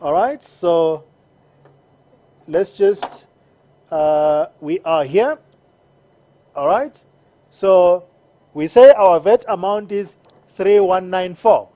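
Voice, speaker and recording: Slow, patient accounting teacher. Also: medium pitch, mellow. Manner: patient, repeats steps and checks in with "all right?". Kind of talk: screen-recorded lesson.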